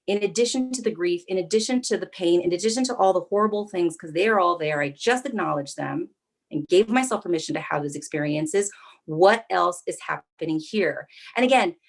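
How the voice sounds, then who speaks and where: Brief: woman therapist, lowish voice, gentle and reassuring, steady talk. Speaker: psychotherapist speaker. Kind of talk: talk to an alumni audience.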